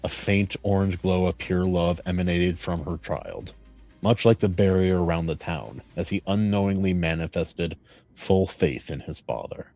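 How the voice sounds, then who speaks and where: A man with a notably deep, low-pitched voice reads a story aloud at a measured, earnest pace. Between readings he chats casually and sincerely with his co-hosts. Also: faint music behind. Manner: measured, earnest reading; warm praise in chat.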